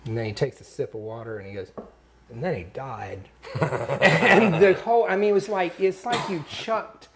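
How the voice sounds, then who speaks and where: With a crowd audible behind him, a male comedian spins a lengthy story in casual conversation at a moderate pace. His voice is high-pitched, lively, and peppered with fillers and laughter.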